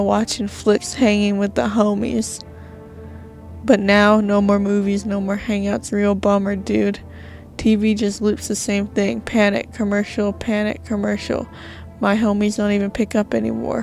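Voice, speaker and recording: A woman's voice: medium pitch, gravelly, darkish tone, close to an everyday voice. A woman reading a laid-back young male stoner's game dialogue aloud, with slangy, drawling surfer talk.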